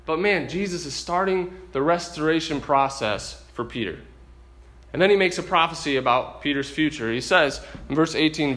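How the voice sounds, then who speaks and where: A man's voice: a little high, normal speed, a bit bright. A man teaching through a Bible passage in a conversational way, reading scripture aloud and voicing the disciples' thoughts. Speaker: preacher.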